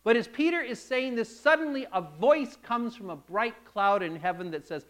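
A male preacher telling a sermon story with drama. His voice sits high and swings widely as he builds each scene, and he acts out the characters as he goes. The delivery is lively. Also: moderate pace, hardly any pauses. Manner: dramatic storytelling, acting out the quotes.

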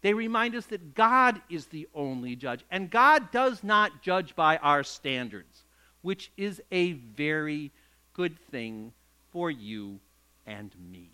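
Male pastor, high bright voice; animated sermon storytelling. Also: slow pace, clean tone. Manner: animated storytelling, acts out quoted grumbling.

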